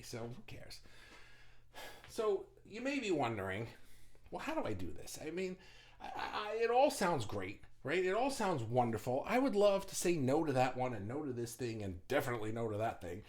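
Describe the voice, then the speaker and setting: A middle-aged man and business owner giving casual motivational advice, blunt, swearing freely and often restarting his sentences. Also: medium pitch. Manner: frequent restarts and stumbles.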